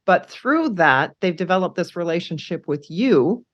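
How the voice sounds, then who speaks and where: A woman hosting a podcast interview, supportive and quick with short affirmations. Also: lowish voice, lively intonation, highs cut off. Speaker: podcast host. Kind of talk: casual interview talk.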